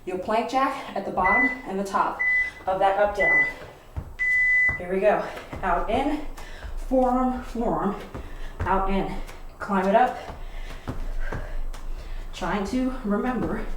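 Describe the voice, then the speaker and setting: A woman's voice: medium pitch, animated, takes it slowly, pauses often, recorded from a distance. A woman instructor calling out exercise cues while doing the workout herself, breathing hard as she moves. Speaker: fitness instructor. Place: home workout space. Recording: roomy, from off the mic, noisy.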